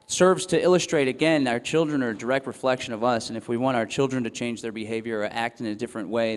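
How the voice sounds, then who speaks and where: A young man giving a talk to a festival audience, earnest and reflective, pausing often with ums and restarting his phrases. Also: medium pitch, clean tone. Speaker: festival speaker. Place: event hall or tent. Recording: long hall reverb.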